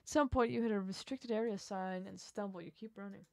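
A woman's voice: mid-range voice, brisk, creaky, dark tone, no echo. Woman reading a game aloud, wry asides. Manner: reads narration expressively, breaks off for wry asides. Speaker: game streamer.

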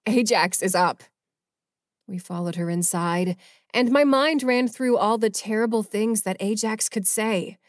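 Woman reading an audiobook in first person, mid pitch, super dry studio sound. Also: normal speed, no echo. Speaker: audiobook narrator.

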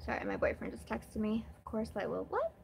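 A woman's voice: mid-range voice, sing-song, brisk, gravelly, darkish tone, a little hiss or hum. A young woman vlogger talking candidly in a rambling, emotional way during her first live stream. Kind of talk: casual live-stream chat.

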